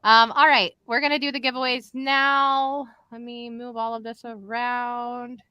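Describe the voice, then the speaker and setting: A woman's voice: fairly high pitch, little pitch movement, a little slow, clear, resonant tone, dry recording, muffled recording. A woman hosting a live stream in casual, chatty talk, addressing viewers directly. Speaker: live show host. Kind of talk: casual livestream chat.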